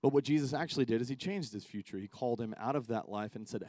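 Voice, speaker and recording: A young man preaching a casual, conversational sermon at a church service. He acts out the quoted voices and grows more excited as he makes his points. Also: medium pitch, fast talker, dry recording. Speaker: youth pastor.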